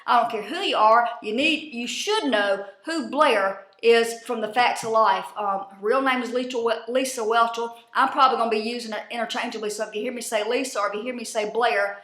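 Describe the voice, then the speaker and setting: A woman's voice: a little high, brisk, few pauses, fairly bright tone. A woman giving a casual, profane recap of a reality show, chatty and full of folksy slang like "y'all" and "ain't". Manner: chatty, swears freely, folksy Southern-ish slang. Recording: echoey room.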